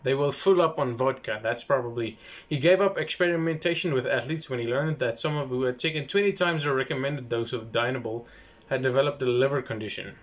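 A man's voice: mid-range voice, a little fast. A man hosting a casual talk, retelling history loosely with asides, restarts and self-corrections.

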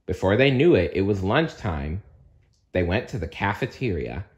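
A man reading a children's storybook aloud with slow, expressive storytelling. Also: sits low, muffled recording. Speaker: narrator.

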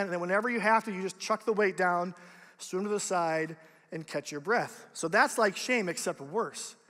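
Young male youth pastor, conversational and lively, high-pitched, recorded in a reverberant auditorium. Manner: casual, animated, conversational preaching. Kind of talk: youth sermon. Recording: long reverb of a large hall.

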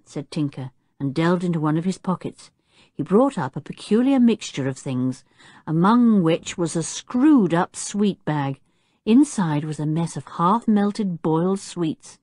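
A woman narrating a children's audiobook, telling the story clearly and expressively while doing the characters' voices. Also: on the low side, lively intonation, a little slow, dark tone, no echo, clean studio sound.

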